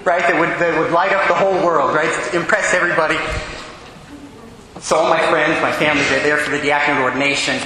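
A man preaching a sermon as a priest, telling a personal story with lively acted-out quotes. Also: fairly high pitch, quick pace, a little hiss or hum. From California. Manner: animated storytelling, acts out quoted voices. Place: large church with long echo. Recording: echoey hall.

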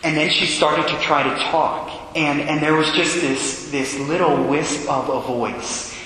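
Priest telling a story in an echoey church. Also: male voice, on the high side, steady tone, a little slow, a little hiss or hum. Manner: earnest, drops to a hush for quiet moments. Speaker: Catholic priest. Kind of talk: storytelling sermon.

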